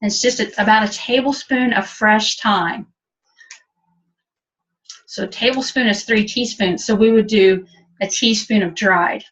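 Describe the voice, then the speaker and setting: Over dull, distant webinar audio, a woman demonstrates cooking in a kitchen step by step, chatty and practical. Her mid-range, fairly bright voice holds a steady tone at a measured pace, pausing often. She's a cooking instructor.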